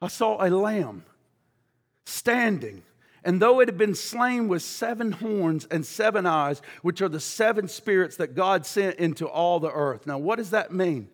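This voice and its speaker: Middle-aged male preacher, high bright voice, big swings from shouts to hushed lows, church hall echo. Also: animated, moderate pace, few pauses. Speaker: pastor. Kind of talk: sermon. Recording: long hall reverb.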